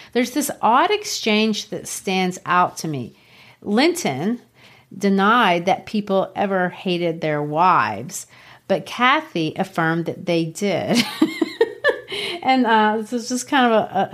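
A woman co-hosts a podcast and talks casually about a novel. Her voice is mid-pitched and chatty, with frequent laughs. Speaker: podcast co-host. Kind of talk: casual book discussion.

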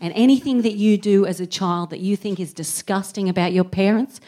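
A woman in her thirties performing a stand-up comedy routine on stage, telling an animated story. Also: medium pitch, brisk. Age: 30s. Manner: animated storytelling with put-on voices and scat singing. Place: live venue with an audience.

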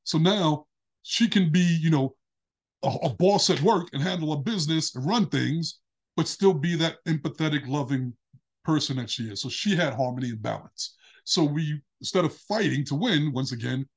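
A man, a podcast guest, telling a candid personal story in an animated way. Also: moderate pace, husky. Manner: animated, acts out quoted dialogue with big pitch jumps.

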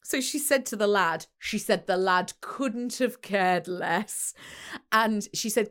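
A woman's voice: mid-range voice, takes it slowly, fairly bright tone. A woman co-hosting a podcast, telling an anecdote in casual chat and laughing through it. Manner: giggly storyteller, laughs through her anecdotes. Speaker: podcast co-host.

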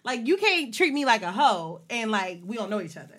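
Young woman cohost on a podcast, animated and blunt, higher voice. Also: fairly quick. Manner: blunt, animated storytelling with profanity. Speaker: podcast co-host. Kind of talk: casual podcast chat.

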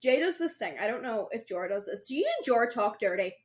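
A woman's voice: a little high, brisk. A young woman co-hosting a casual podcast chat, telling stories animatedly and acting out quotes, with lots of "like". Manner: animated storytelling, acts out quotes, says "like" a lot. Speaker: podcast co-host.

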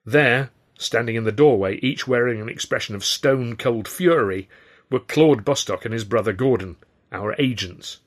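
A man's voice: mid-range voice, normal speed. A man, an author reading his own comic novel in a dry, wry storytelling way. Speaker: author and narrator. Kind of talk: audiobook narration of a comic novel.

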